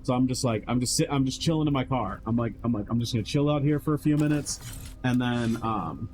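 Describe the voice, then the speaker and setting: A man's voice: mid-range voice, brisk, darkish tone, slight background noise, poor audio. A man streamer telling a long, rambling story in casual chat, heavy on swearing and filler words, acting out what others said. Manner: rambling, profane, lots of fillers and quoted voices.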